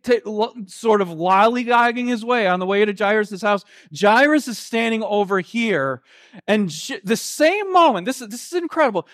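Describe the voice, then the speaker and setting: A pastor with a high, light male voice preaches a sermon. He tells the story earnestly, stumbling and restarting often, and slows down and softens when he quotes.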